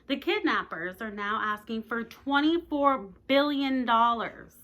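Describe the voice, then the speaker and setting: Bright-voiced woman reading a novel aloud. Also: a little high, expressive, unhurried, muffled recording. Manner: plain reading voice, chatty asides to listeners.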